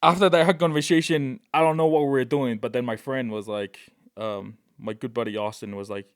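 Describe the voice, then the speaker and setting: Male guest from Tonga, mid-range voice, lively anecdotes, dry podcast mic. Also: medium pitch, brisk, clear, resonant tone, no room sound. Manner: animated, excitable, peppers speech with "right?" and "bro". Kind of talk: casual storytelling.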